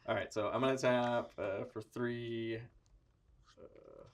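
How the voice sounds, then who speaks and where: A man calmly playing a tabletop card game, explaining his moves with many fillers and pauses. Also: mid-range voice, gravelly, far from the mic, slight background noise. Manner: halting, counts aloud, many fillers. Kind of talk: casual tabletop play.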